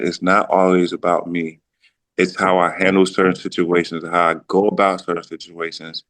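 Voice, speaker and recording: A man's voice: sits low, a bit bright. A man in his thirties, a podcast guest, talking loosely about his career, with frequent restarts and his own thoughts quoted aloud. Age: 30s. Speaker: podcast guest, former pro football player. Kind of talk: casual reflective storytelling.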